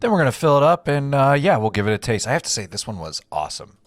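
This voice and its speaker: A young man hosting a home cooking video, walking through each step in a relaxed, chatty way. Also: mid-range voice, fast. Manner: relaxed, step-by-step instructions with frequent "gonna go ahead". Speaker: home cook and channel host. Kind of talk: casual cooking walkthrough. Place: home kitchen.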